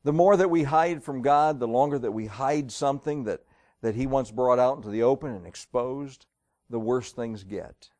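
A male preacher delivers an evening sermon with dramatic storytelling. He reads old-style scripture with weight, pushes key lines loud, then drops to slow, quiet phrases. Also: medium pitch. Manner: reads King James verses aloud, dramatic storytelling; swings between loud emphasis and quiet, slowed lines.

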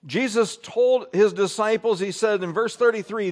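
A pastor preaching a sermon in church, reading Scripture aloud with emphatic rises and drops. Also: male voice, sits high, moderate pace, hardly any pauses.

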